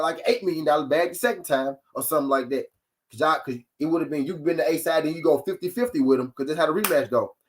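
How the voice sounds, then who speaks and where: Boxing stream host guy, kinda high voice, cussing and mocking the whole time. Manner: animated, profane, mocking. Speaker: boxing talk show host. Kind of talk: live-streamed sports commentary rant.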